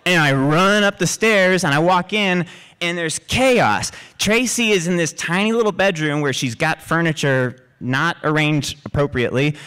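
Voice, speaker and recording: A man telling a true personal story live on stage in a lively way. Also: sits high, clear, resonant tone. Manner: lively, acts out quoted voices. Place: live stage before an audience.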